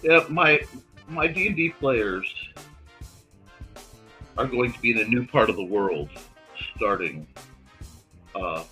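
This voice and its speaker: A man hosting a casual livestream, chatting to his audience and softly talking to his cat while he draws. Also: mid-range voice, lively intonation, slow pace, long pauses, faint music behind. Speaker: host.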